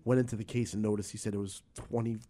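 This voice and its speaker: A middle-aged man, a guest telling a story in casual interview, animated and swearing freely, acting out voices. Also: lowish voice, fast.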